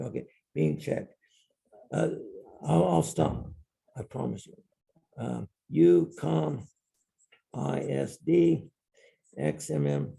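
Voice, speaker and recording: A man's voice: mid-range voice, vocal fry, warm tone. A male professor giving a university lecture in a classroom, explaining step by step and repeating key terms.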